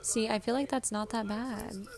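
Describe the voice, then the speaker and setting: Fast-talking young woman vlogger. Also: a little high, steady tone, noisy background. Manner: fast, nervous talker who rambles. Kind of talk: casual chat.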